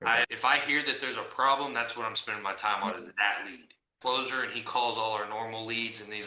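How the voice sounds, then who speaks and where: A man's voice: fairly low pitch, steady tone, a little fast, hardly any pauses, bright, forceful tone, slight background noise. A man, hosting a casual chat, blunt and slangy, telling deal stories with animation. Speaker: podcast host, real estate investor. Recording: echoey room.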